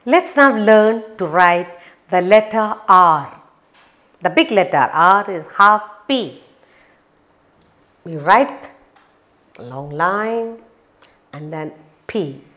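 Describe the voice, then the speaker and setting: A woman teaching phonics to young children, saying each word slowly and clearly, with a playful sing-song and sound effects. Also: mid-range voice, animated, a bit bright.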